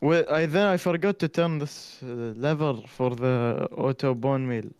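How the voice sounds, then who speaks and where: A man's voice: mid-range voice, fairly even intonation, a little mellow, smooth, no echo. A man whose first language is Arabic, chatting with a friend over voice chat during a game, often restarting his sentences. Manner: halting, repeats words when starting sentences. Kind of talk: casual gaming chat.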